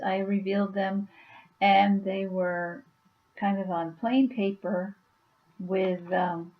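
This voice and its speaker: A woman's voice: mid-range voice, muffled recording. A woman chatting casually on her vlog at home, rambling with many fillers. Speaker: YouTuber and author.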